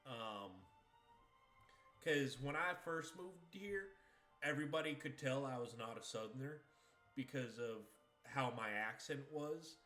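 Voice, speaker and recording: A man's voice: medium pitch, measured pace, sharp tone. A young man from Maine, a livestream gamer chatting casually, rambling and laughing easily, his New England speech with some Southern creeping in. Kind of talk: casual chat while streaming. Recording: echoey room with faint game music.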